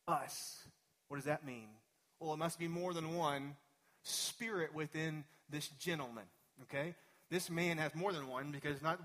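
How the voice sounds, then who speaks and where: A man delivers a sermon to his congregation in a church sanctuary. He preaches in a relaxed, conversational way, drifting into personal asides. His voice sits a little on the high side for a man. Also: unhurried. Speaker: pastor.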